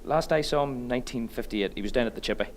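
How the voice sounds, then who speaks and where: A wry rural man, played by an actor, teases a wide-eyed visitor in a film scene. His delivery is dry and deadpan, and the lines run fast and clipped. Faint background hiss sits under the dialogue. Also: mid-range voice, close to an everyday voice. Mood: deadpan teasing.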